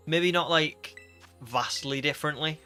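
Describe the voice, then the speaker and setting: A man's voice: on the high side, measured pace, sharp tone, faint music behind. A British man chatting casually on a game stream, rambling with fillers as he reads chat aloud.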